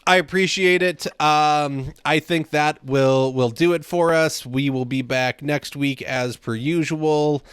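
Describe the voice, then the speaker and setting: A man's voice: a little high, takes it slowly, hardly any pauses, fairly bright tone, clean tone, dry recording. A man hosting a casual podcast interview, easygoing, laughing along and often saying "man". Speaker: podcast host.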